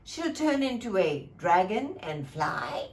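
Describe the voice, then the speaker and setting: Woman playing an old half-deaf fairy, confused, grumbly, slow and sing-song, storybook voice. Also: medium pitch, very animated. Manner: mishearing, grumbling.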